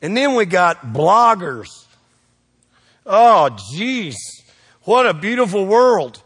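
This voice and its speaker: A man's voice: high voice, very animated, breathy edge, big-room sound. A man preaching a sermon as pastor, joking with the congregation and throwing questions back at them. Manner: preachy and joking, quick shifts in loudness, call-and-response questions.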